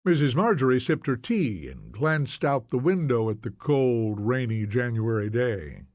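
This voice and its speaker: A man narrating an audiobook in a measured, solemn storytelling manner. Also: mid-range voice, big pitch swings, darkish tone, no echo.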